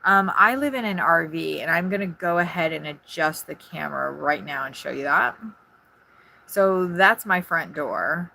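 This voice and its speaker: A woman talks fast and scattered, hopping between thoughts while she streams from her RV. Her voice sits a little low, and it comes through a phone set on a tripod in a small camper. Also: gravelly, slight background noise. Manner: fast, scattered, excitable chatter. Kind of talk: casual live-stream chat. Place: inside an RV at a campground.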